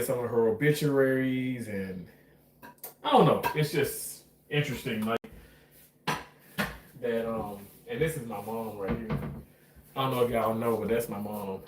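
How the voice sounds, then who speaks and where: Recorded from afar in an echoey home kitchen with faint noise, this man's mid-range voice sits off-mic. He's a cooking vlogger, talking through his cooking in a loose, chatty ramble peppered with casual swearing.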